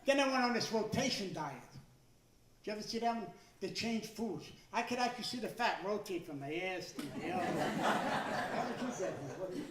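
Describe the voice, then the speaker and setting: A man in his sixties doing a stand-up comedy routine, talking loudly with stammering restarts and shouted punchlines. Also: high-pitched, animated, brisk, noisy background. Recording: echoey room, voice from some distance.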